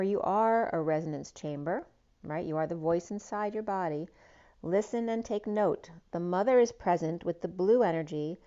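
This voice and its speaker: A woman with a lowish voice talks through a spiritual tarot reading. She drifts from image to image with ums and trailing asides. The recording sounds dull and lo-fi. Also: darkish tone. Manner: meandering, associative, with frequent ums and trailing asides. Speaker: tarot reader.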